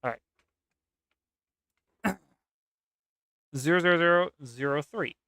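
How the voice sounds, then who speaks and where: A man's voice: a little high, takes it slowly, sharp tone, dry recording, studio quality. A man reading a document aloud with casual, sarcastic commentary and occasional swearing. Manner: sarcastic, swears, laughs at the text. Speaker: gaming content creator.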